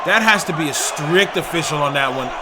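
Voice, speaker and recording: A man doing excited play-by-play commentary on a football video game stream, often shouting and openly indignant about the officiating. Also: a little high, fairly quick, over a noisy crowd, heavy background noise.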